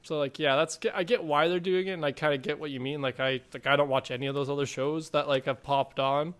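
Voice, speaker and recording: Male co-host, slightly higher voice, chatty, filler-heavy delivery. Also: fairly even intonation, fast talker, a bit bright, clear, resonant tone. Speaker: podcast co-host. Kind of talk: casual chat.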